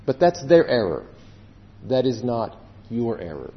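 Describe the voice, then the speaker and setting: A man preaching a sermon as pastor, earnest, stretching words for emphasis and dropping suddenly to a hush. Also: mid-range voice, sing-song. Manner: earnest, with slow drawn-out emphasis and sudden drops to quiet. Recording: dull echoey hall sound.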